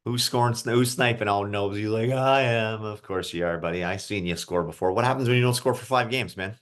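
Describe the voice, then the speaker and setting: Deep-voiced man coaching young players. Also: fast talker, a bit bright. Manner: asks the group questions, casual and encouraging. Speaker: youth hockey mental coach. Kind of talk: online group coaching session.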